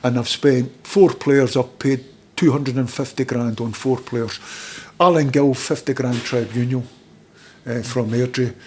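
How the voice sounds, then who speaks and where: A man's voice: mid-range voice, fairly even intonation, unhurried, a little mellow, a little hiss or hum. Scottish man telling rambling football stories. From Scotland. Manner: rambling anecdotes, acts out quoted voices. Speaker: guest, former footballer and manager. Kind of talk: casual storytelling interview.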